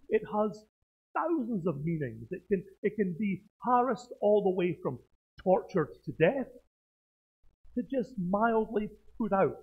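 A man, a pastor, preaching a sermon in a church through a face mask, with animated delivery and self-mocking jokes. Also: high voice, slightly rough. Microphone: speaking through a face mask. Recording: tinny phone-like sound.

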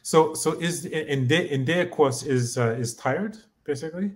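A man learning in a casual chat, halting as he guesses meanings aloud and asks for phrases to be repeated. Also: a little high. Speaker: co-host and learner.

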